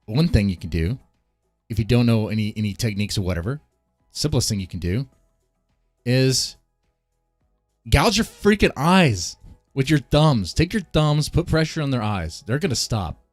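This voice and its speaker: A man's voice: lowish voice, lively intonation, moderate pace, darkish tone, dry recording, faint music behind. A man hosting a casual live stream, ranting bluntly and laughing often as he comments. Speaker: streamer host.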